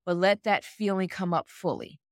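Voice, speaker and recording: A woman working as a mental performance coach, answering interview questions and walking through scenarios step by step in an animated way. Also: medium pitch, moderate pace, dry recording, studio quality.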